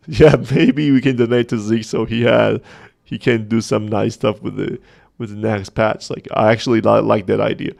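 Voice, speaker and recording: Gravelly-voiced man chatting on a livestream. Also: fairly low pitch, steady tone, normal speed, a little mellow. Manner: chatty, joking, reading chat aloud. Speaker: host of a community livestream. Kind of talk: casual livestream chat.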